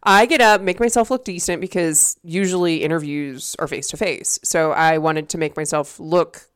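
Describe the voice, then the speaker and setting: A young woman co-hosts a casual podcast on a desk mic, telling a long story full of swearing and laughter. Her voice is low-pitched and clean in tone, at a moderate pace.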